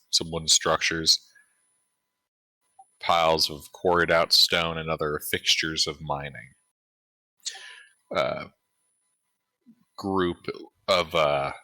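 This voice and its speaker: A man narrating as game master in a tabletop game, relaxed with frequent fillers. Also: very deep voice, dry recording, poor audio.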